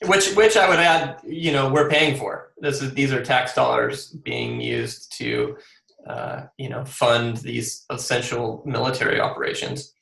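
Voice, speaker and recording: A man's voice: medium pitch, animated, measured pace, creaky, a bit bright, echoey room, rough recording. A man talking earnestly as a guest author in an interview, with many fillers and restarts. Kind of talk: casual interview.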